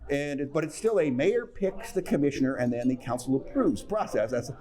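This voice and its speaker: A man's voice: medium pitch, expressive, brisk, warm tone. A man giving a wry, casual recap of a meeting, dry and sarcastic, full of hesitant fillers. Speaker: local politics commentator.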